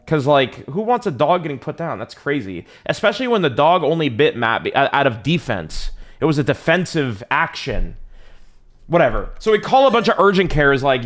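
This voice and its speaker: A man's voice: a little high, sing-song, brisk, a bit bright. A young man streaming live, telling a long story in a rambling, profane, slang-heavy way.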